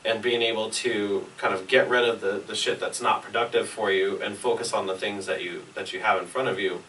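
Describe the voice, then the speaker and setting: Male co-host, earnest and reflective, bright low voice, recorded off-mic. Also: fairly even intonation, fairly quick. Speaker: podcast co-host. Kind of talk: casual chat. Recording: distant mic, faint hiss.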